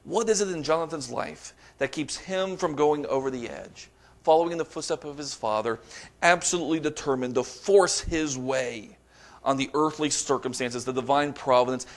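A man delivering a sermon, reading scripture aloud with dramatic emphasis and rising to forceful peaks. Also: mid-range voice, moderate pace. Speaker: preacher.

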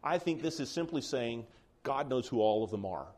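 A man teaching a Bible study class, explaining calmly and reading scripture passages aloud, with some restarts. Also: medium pitch, normal speed.

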